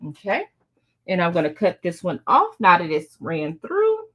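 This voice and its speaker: A middle-aged quilting host with a fairly bright voice on the low side speaks unhurriedly, her pitch swinging hugely. She chats with her viewers as she sews during a casual live tutorial.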